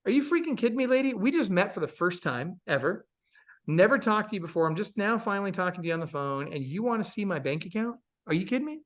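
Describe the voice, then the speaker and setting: A man's voice: high voice, expressive, fast talker. Emphatic, sarcastic man telling a story. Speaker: podcast guest, real estate coach. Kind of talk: casual storytelling interview.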